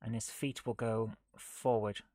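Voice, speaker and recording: Male streamer, unhurried self-talk, close dry sound, drifts into mutters and scolds his tools. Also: lowish voice, flat delivery, no echo. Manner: muttering to himself while he works, often dropping to a near whisper; chatty and self-mocking, scolding the software. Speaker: streamer coding a retro game live. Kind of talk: live coding stream commentary.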